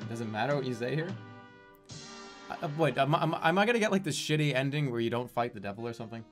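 A man streaming a video game, with casual commentary full of loud frustrated outbursts and cursing, who drops into quick mumbled asides while reading chat. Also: medium pitch, expressive, soft background music.

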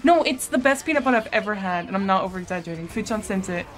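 A woman's voice: medium pitch, lively intonation, very fast, soft background music. A young woman streaming a game, chatting casually and giggling with her viewers, swearing now and then. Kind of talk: casual live-stream chat while gaming.

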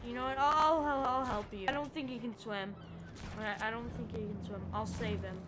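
A woman giving excitable let's-play commentary, yelping and chatting to the characters in her game. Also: on the high side, normal speed, noisy background. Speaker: gamer.

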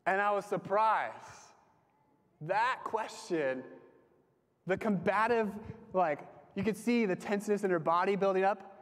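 High-voiced young man preaching in a hall. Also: measured pace. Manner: conversational, frequent "like" fillers, dips soft at phrase ends. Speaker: campus ministry speaker. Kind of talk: casual sermon with personal stories. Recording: long hall reverb.

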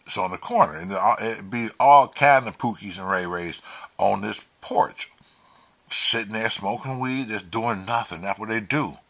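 A man, husky and bright, whose pitch swings all over as he tells his story. He swears freely and slips into the voices of the people he quotes. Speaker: vlogger. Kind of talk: profane casual storytelling.

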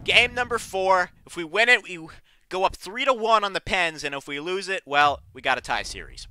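A young man giving excited play-by-play while playing a hockey video game, shouting at goals and his voice cracking. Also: high-pitched, moderate pace, slight background noise. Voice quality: frequent voice cracks. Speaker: gaming commentator.

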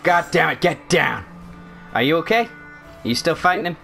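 A man's voice: a little high, expressive, moderate pace, vocal fry, sharp tone, faint music behind. A man giving chatty, flustered commentary as he plays a video game at home, often apologizing. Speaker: let's play host. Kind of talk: casual gaming commentary. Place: at home with a barking dog.

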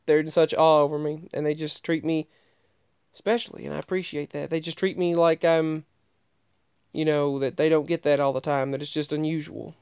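A man's voice: fairly high pitch, little pitch movement, normal speed, a little mellow, clear, resonant tone, no room sound. A man casually telling a personal story in a rambling, digressive way, often restarting his sentences.

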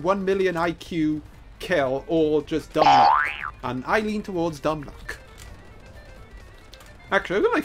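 A gameplay commentator, joking and excitable, breaking into playful sing-song asides as they play. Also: mid-range voice.

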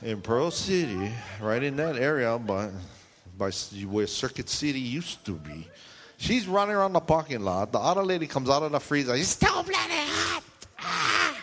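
Animated preacher telling a comic story. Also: male voice, normal speed. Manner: animated, jumps into high squealing voices for the people in his stories.

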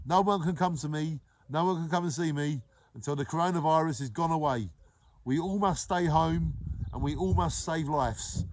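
A man, hosting a daily live show and warmly giving repeated shout-outs to viewers by name. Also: on the high side, moderate pace, poor audio. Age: 40s. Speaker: live-stream host.

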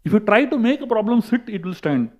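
High-voiced Indian English preacher. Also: male voice, fairly quick. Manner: lively storyteller, emphatic repetition. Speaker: monk and speaker. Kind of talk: sermon with storytelling.

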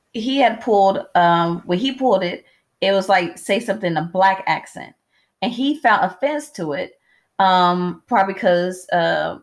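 A woman co-hosting a casual movie review podcast, chatty and laughing, often pausing to search for words, at home during a power cut. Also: lowish voice. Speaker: podcast co-host.

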